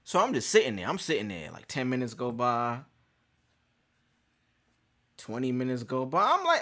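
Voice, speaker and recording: A man telling a casual storytime monologue. He is animated and profane, and he acts out each exchange. His voice sits at a middling pitch but swings extremely widely. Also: normal speed, long pauses.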